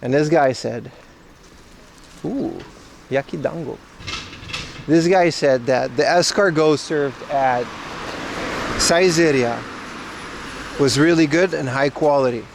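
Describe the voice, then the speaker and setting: A man's voice: fairly high pitch, a little slow, background noise. A man casually chatting with his livestream viewers while walking outdoors, loose and slangy. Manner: loose slangy banter, reads chat. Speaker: IRL livestreamer. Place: outdoors on city streets.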